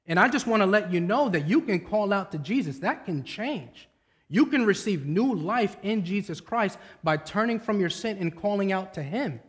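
Male pastor, 30s, high voice, conversational preaching full of personal stories. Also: normal speed. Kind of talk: sermon.

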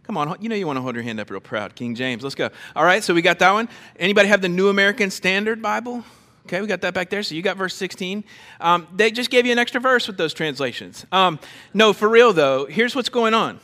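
A man's voice: high voice, lively intonation, fast, bright, forceful tone, big-room sound. A man preaching a sermon to a congregation, emphatic and quizzing his listeners with questions. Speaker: pastor. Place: church before a congregation.

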